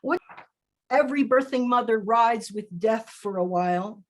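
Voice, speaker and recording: A woman poet reading her poems aloud over a video call in a slow, deliberate recitation with measured pauses. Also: on the high side. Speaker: featured poet. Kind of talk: poetry reading.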